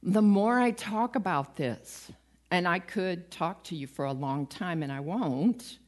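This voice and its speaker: A woman's voice: fairly low pitch, unhurried. A woman giving a conversational sermon, retelling stories with acted-out quotes and a light, self-mocking humor. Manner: lively storytelling, acts out quoted voices, laughs at herself. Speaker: preacher.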